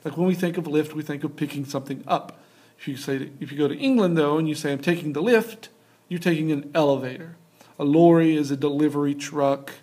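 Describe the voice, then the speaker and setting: A man's voice: on the high side, fairly quick, dark tone, husky. A young adult man giving a casual recorded geography lecture over slides, talking loosely with many fillers and restarts. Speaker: teacher.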